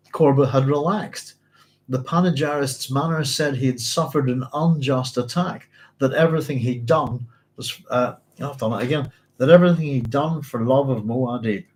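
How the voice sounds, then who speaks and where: A man's voice: mid-range voice, moderate pace, a little mellow, low-quality recording. A man, hosting a book club, reads passages aloud and stops often to check his notes and apologise in a chatty way. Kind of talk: reading aloud with casual commentary.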